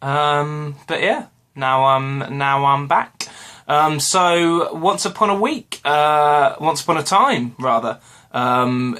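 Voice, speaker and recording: British man, bright clear voice, rambling casual vlog, lots of ums, home room. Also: a little high. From Britain. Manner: rambling, self-correcting, lots of ums and uhs. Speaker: vlogger. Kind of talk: casual episode review vlog. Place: home room with washing hung behind.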